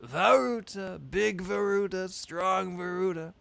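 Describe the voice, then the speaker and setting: A pompous old fish king holds court in a raised, unhurried voice, as a man puts him on. Each formal phrase is stretched out with a rhythm that sounds like a politician's. It is a video game character read aloud during a stream. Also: sits high, creaky, a bit bright, clear, resonant tone, no echo, voice pushed up, full character voice. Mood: grave. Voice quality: grand, drawn-out delivery with Trump-like rhythms.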